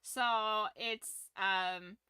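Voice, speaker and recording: A woman live-streaming to her viewers, talking in an animated, rambling way. Her voice is very bright and crisp, recorded dry and close. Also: medium pitch, extremely slow, no room sound. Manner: animated, rambling fan enthusiasm with frequent laughs. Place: home room with her collectibles behind her.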